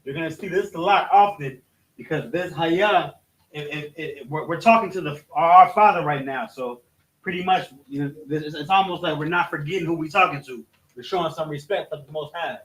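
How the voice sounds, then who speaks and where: A man with a fairly high voice teaches a scripture lesson, halting and restarting as he points things out on a board. He is recorded from across an echoey room, so his voice sounds distant. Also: fairly bright tone. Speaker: religious teacher. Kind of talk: classroom-style scripture lesson.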